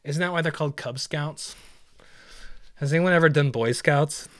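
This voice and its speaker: A man's voice: a little high, normal speed, fairly bright tone, no room sound. A young man hosting a podcast, telling profane, rambling stories in a casual solo monologue. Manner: profane, rambling storytelling with laughs. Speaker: podcast host.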